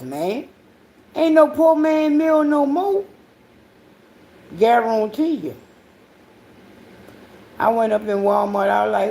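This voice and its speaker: A woman hosting her own podcast, telling rambling, profanity-heavy stories in a casual monologue, swinging between loud outbursts and low mutters. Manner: profane, rambling storytelling with frequent swearing. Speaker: podcast host.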